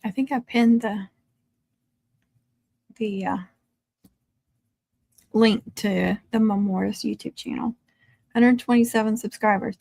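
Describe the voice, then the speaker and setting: A woman's voice: medium pitch, steady tone, slow pace, gravelly, pauses often, a little mellow, no room sound. A woman chatting casually on a home livestream, laughing often and cooing at her dogs. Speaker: livestream host. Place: home, in the country.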